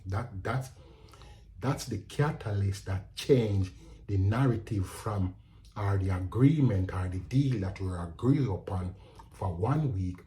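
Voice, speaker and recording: A man's voice: fairly low pitch, takes it slowly. A man with a Jamaican accent telling a story in a casual, indignant tone that slips into patois. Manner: animated, indignant retelling, slipping into patois. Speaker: vlogger.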